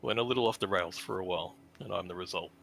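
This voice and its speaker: A man's voice: deep voice, quick pace, vocal fry, a bit bright, slight background noise. A man playing his character at a tabletop game, giving earnest, speech-like addresses. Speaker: player.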